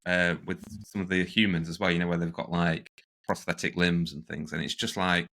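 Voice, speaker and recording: Bright-voiced man, low-pitched. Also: brisk. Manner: enthusiastic, animated, does goofy impressions. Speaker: podcast co-host. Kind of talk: casual chat.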